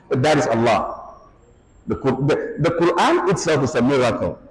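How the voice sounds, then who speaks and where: A man giving an emphatic, animated religious lecture in a large hall. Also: mid-range voice, measured pace. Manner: animated, emphatic preaching with frequent exclamations. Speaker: Islamic lecturer. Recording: echoey hall with faint background noise.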